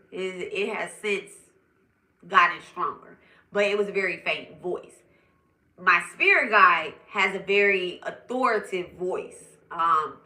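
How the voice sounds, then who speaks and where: Bright-voiced woman medium telling a story. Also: mid-range voice, echoey room, low-quality recording. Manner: chatty, animated, addresses viewers directly. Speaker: spiritual medium. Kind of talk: casual storytelling to viewers.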